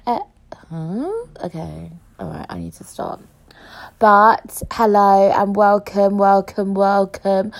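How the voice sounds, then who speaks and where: A woman's voice: mid-range voice, lively intonation, takes it slowly, creaky. Chatty woman podcast host. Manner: rambling, jokey, self-mocking, jumps between thoughts. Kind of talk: solo casual chat podcast.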